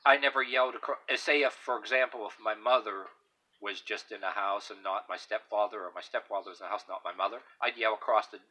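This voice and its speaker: A man's voice: fairly low pitch, steady tone, fast talker, bright, forceful tone, low-quality recording. A man giving his opinions in a casual, rambling monologue, blunt and emphatic, with lots of fillers and restarts. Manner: blunt and emphatic, swearing now and then.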